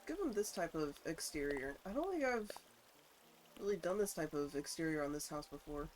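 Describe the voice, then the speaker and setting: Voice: medium pitch, big pitch swings, normal speed, slight background noise. A congested live-streamer chatting casually while building, playful and prone to sing-song nonsense humming and mock-formal phrasing. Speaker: livestreamer.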